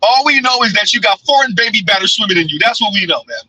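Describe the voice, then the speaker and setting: A man's voice: high voice, lively intonation, fast, bright, forceful tone, breathy edge, low-quality recording. A man hosting a blunt, mocking commentary show while riding in a car, often laughing. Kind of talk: casual live commentary. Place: in a car, in transit.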